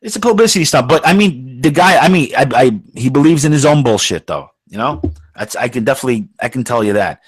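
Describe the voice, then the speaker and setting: A man's voice: mid-range voice, lively intonation, fast, husky, no echo. A man co-hosting a podcast, ranting bluntly in casual chat and calling himself a bit aggressive in the way he talks. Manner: blunt, profane, calls himself aggressive-sounding. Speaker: podcast co-host. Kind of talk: casual opinion rant.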